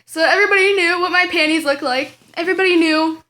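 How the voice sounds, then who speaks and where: Giggly, high-voiced young woman. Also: fast, pushed and bright. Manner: giggly, dramatic, breaks into laughing. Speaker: vlogger. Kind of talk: storytime vlog. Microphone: camera.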